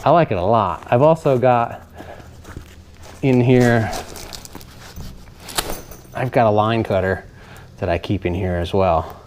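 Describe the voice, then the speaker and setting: A man giving a relaxed, chatty walkthrough of his paramotor gear, explaining with frequent fillers as he points things out, recorded on a camera mic in a garage. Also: fairly low pitch, slow pace, pauses often, slight background noise. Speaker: paramotor reviewer. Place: garage, indoors.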